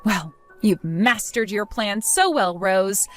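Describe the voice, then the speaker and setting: A woman voicing a fed-up young wife who answers her mother-in-law with mocking sarcasm, in an animated story drama. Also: medium pitch, takes it slowly, soft background music. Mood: sarcastic.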